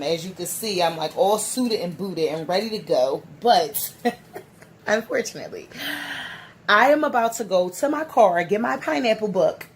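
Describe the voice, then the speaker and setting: A woman's voice: on the low side, slight background noise. A woman in her thirties speaking in a casual personal vlog, teary and rambling, with many restarts. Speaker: vlogger.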